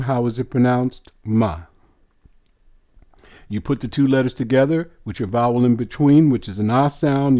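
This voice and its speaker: A man teaching scripture line by line, deliberate and insistent, sounding out words syllable by syllable and asking rhetorical questions. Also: medium pitch, dark tone. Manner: earnest and insistent. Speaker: bible teacher.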